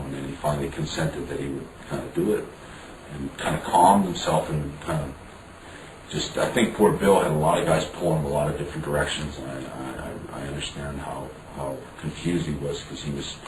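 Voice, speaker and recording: A man being interviewed, telling a story frankly with some swearing and acting out what others said. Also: a bass voice. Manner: frank, profane, acts out dialogue. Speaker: interview guest. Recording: roomy, distant mic, background noise.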